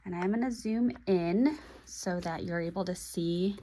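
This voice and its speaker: A young woman making a relaxed, chatty vlog about her pens and inks, pausing now and then as she writes. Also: fairly low pitch, slight background noise. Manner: chatty and relaxed, with pauses while writing. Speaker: pen and planner video creator. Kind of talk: casual vlog talk while writing.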